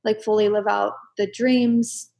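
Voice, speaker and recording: A young adult woman talking openly and emotionally as a guest in a casual chat, breaking into animated exclamations. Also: medium pitch, measured pace, vocal fry.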